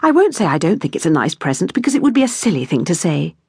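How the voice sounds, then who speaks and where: A woman's voice: on the low side, big pitch swings, fast talker, darkish tone, husky, no echo, clean studio sound, full character voice. A woman narrator voicing a chattering, gushing neighbour woman who is a mother, in an effusive, breathless manner, as an audiobook character.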